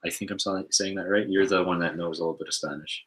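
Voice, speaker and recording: Low voiced canadian guy on a stream, bright tone, laid back, lots of ums. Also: fairly even intonation, fast talker, rough recording. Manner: easygoing, hesitant, lots of fillers. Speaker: co-host of a live stream. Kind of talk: casual chat, reading viewer comments.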